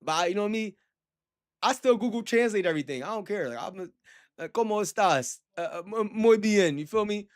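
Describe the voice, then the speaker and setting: A man's voice: high voice, animated, a little fast. A young man talking casually to his livestream chat, rambling with lots of slang and frequent laughter.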